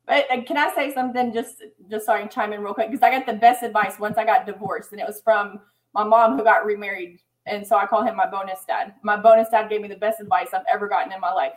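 A woman's voice: medium pitch, fairly even intonation, fast, poor audio. A woman in a casual podcast chat, talking earnestly and reflectively.

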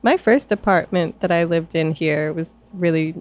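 A woman in a casual chat, relaxed and drawing out her questions. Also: fairly low pitch, moderate pace.

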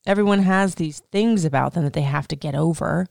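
A candid woman in her thirties hosts a podcast, talking through advice in a loose, unfiltered way with plenty of swearing and laughter. Her voice sits a little low with a gravelly fry, and the sound is close and dry. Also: a little fast, a little mellow, no room sound. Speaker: podcast host. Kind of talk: casual advice monologue.

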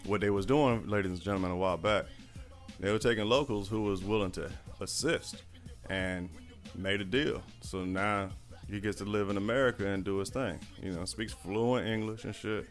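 A man's voice: lowish voice, moderate pace, soft background music. A young man co-hosting a casual podcast, telling army stories in laid-back, profane banter. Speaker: podcast co-host, army veteran.

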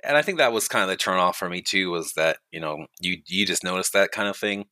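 A middle-aged guild leader appears as a guest on a casual podcast chat, recounting old gaming stories in a relaxed, quick way, packed with fillers and asides. His voice is very deep yet bright with a forceful bite. The sound is dry and close, with no echo or room around him.

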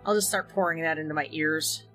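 A woman's voice: sits low, fairly even intonation, a little fast, fairly bright tone, soft background music, poor audio. A woman co-hosting a podcast, playful and teasing in casual chat. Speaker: podcast co-host.

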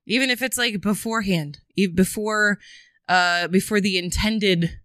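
A woman co-hosting a podcast in casual chat, playful and often laughing, sometimes dropping into a low sultry voice. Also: a little slow, a bit bright, no room sound, clean studio sound. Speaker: podcast co-host.

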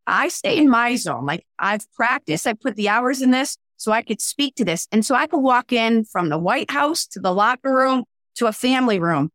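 A woman's voice: fairly high pitch, normal speed, hardly any pauses, dry recording, studio quality. A woman working as a mental skills coach, talking in a casual interview and acting out the people she quotes. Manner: animated, acts out quoted voices.

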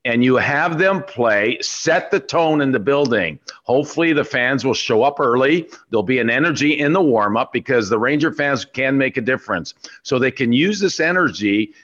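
A man's voice: mid-range voice, animated, moderate pace, hardly any pauses, fairly bright tone, dull audio. A man who once played the game, analyzing it emphatically on a sports talk show, with some restarts. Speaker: former player turned analyst.

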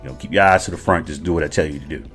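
A man's voice: a bass voice, racing, a bit bright, soft background music. A middle-aged man, a retired Army veteran, telling a podcast story casually and chuckling as he talks to listeners. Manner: conversational, addresses listeners directly, chuckles often.

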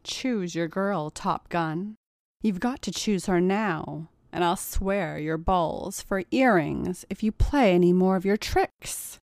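A woman reader voicing a bitter, menacing young woman who torments a captive man, speaking low and slow. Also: darkish tone, no echo, studio quality.

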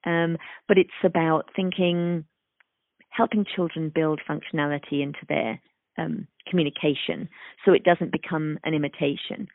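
A woman who works as a speech-language pathologist explains things thoughtfully in an interview, acting out little examples in a sing-song voice. Her deep voice moves at normal speed with fairly even intonation. The audio is dry and phone-like, from a remote call.

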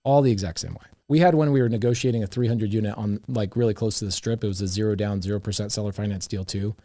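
Speaking quickly in a lowish voice, this middle-aged man is a real estate investor guest who animatedly acts out the dialogue in his casual stories. There's no room sound, and the audio is studio quality.

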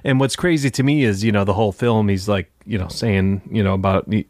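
A man's voice: fairly low pitch, moderate pace, hardly any pauses, a little mellow, no echo. Rambling male podcaster, dry close sound. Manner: rambling, full of fillers like "you know". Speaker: podcast co-host. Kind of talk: casual film discussion.

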